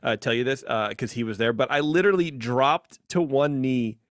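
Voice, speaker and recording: A man co-hosting a podcast in casual, opinionated chat, animated and jumping into high mocking voices. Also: normal speed, dry recording, clean studio sound. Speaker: podcast co-host.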